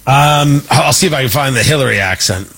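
Sarcastic, lively male talk host. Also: mid-range voice, brisk, vocal fry, husky. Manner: sarcastic and mocking, with frequent restarts. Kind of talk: opinionated talk show monologue.

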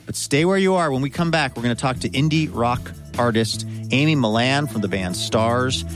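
A man hosts a public radio program, announcing what comes next in an upbeat, friendly way. His voice sits at an ordinary middle pitch, and music plays clearly behind him. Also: moderate pace. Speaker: radio show host. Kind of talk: scripted radio hosting.

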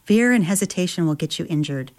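A woman reading the lines of an easygoing adult male river guide, giving casual instructions in a slightly low voice. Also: animated, quick pace, a little mellow, natural voice. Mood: instructive.

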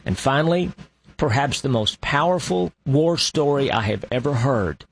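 A man hosting a radio show, narrating in a slow, deliberate way with long dramatic pauses. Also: mid-range voice, lively intonation, creaky, a little hiss or hum.

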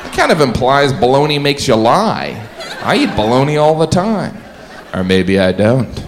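A man doing a stand-up comedy set in a dry, deadpan way, now and then putting on silly voices. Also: medium pitch, normal speed. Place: comedy club stage. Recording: live club set with crowd laughter and noise.

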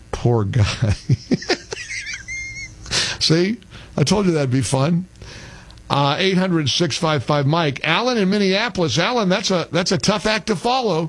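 Animated, sarcastic talk radio host man. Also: high-pitched.

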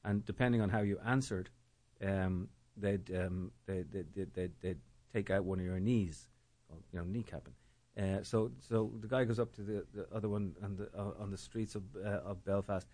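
Low-voiced Irish man, halting and reflective. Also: fairly even intonation, darkish tone. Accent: Dublin Irish. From Ireland. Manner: halting, many fillers and repeated words. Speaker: guest, storytelling organizer. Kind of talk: reflective conversational interview.

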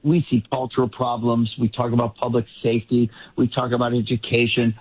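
A man commenting on politics in a casual panel talk, rambling with quick asides. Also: mid-range voice, flat delivery, breathy edge. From Boston area. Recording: tinny phone-like line.

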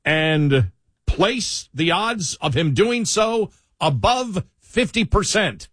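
A man's voice: high voice, very animated, slow, a bit bright, husky, no room sound, studio quality. A man with a Buffalo accent co-hosting a talk radio show, chatting casually and leaning on fillers. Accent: Buffalo, New York. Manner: chatty, leans on fillers, laughs often. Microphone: studio microphone.

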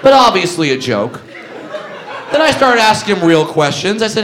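A man doing a loud, animated stand-up comedy set in a club, telling stories with punchy asides. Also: a little high, brisk. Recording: live club recording with crowd noise. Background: audience laughter.

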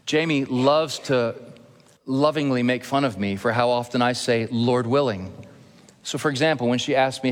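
A male pastor delivering a sermon in an earnest, measured way, with touches of gentle humor. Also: medium pitch, a little hiss or hum. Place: church sanctuary. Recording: long reverb of a church hall.

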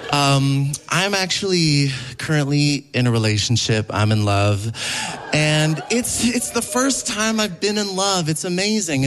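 A man's voice: a little high, background noise. A man performing a stand-up comedy set on a theater stage, telling stories animatedly and acting out other people's voices. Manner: animated storytelling, acts out voices. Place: theater stage with live audience.

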